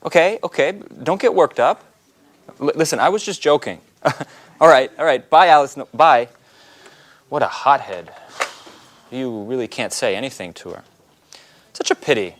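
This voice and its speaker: A man's voice: lowish voice, normal speed, long pauses, a bit bright, natural voice. An actor playing an awkward man on the phone who hesitates and stammers in a scripted skit. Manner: hesitant, stammering, full of fillers. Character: awkward flirty man answering a colleague's phone.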